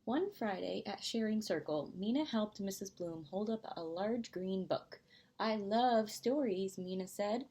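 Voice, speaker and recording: Gentle woman reading a picture book. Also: mid-range voice, expressive, moderate pace, few pauses. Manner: gentle storytime voice. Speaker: preschool teacher. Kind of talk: picture-book read-aloud.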